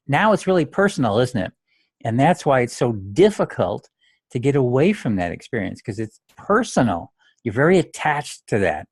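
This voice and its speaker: A man's voice: mid-range voice, big pitch swings, normal speed, slightly rough, no echo, clean studio sound. A man coaching golfers on their mental game, talking in a blunt, straight-talking way and saying phrases aloud to show the difference. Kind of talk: direct instructional monologue.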